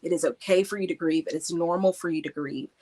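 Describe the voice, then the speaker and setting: An earnest woman with a slightly low voice talks through a live stream about faith and letting go. She speaks conversationally and circles back on her phrases for emphasis. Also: fairly even intonation, fast talker, dark tone. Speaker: livestream host. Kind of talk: faith-based encouragement talk.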